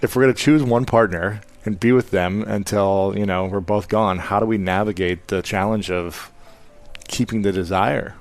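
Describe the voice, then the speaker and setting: A man with a somewhat low voice conducts the interview. He asks short, direct questions. Faint music sits in the background. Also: steady tone, moderate pace. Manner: brief questions and agreeing murmurs.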